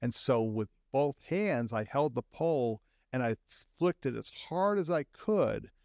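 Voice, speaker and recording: A middle-aged man co-hosting a show, telling a story in a calm, low-key casual chat. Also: unhurried, creaky, no room sound, clean studio sound. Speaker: co-host, therapist.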